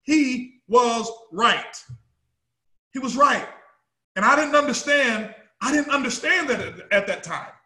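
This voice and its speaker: A man founding a company gives an emphatic motivational speech to a live audience, repeating himself for effect and bursting into shouts. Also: very high-pitched, roomy sound. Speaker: company founder speaking to his team.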